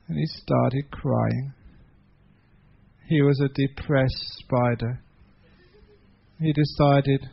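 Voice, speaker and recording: A monk with an English accent giving a sermon, telling a story in an animated way, swinging between loud and hushed passages. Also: male voice, medium pitch, extremely slow, vocal fry, pauses often, breathy edge, lo-fi sound. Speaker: monk giving a Dhamma talk. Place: meeting hall.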